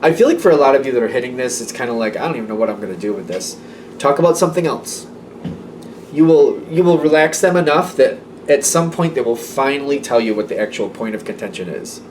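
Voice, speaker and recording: A man's voice: medium pitch, fairly quick, darkish tone, far from the mic, slight background noise. A man giving a casual tarot reading, chatty and repetitive, with small laughs between his thoughts. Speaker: tarot reader.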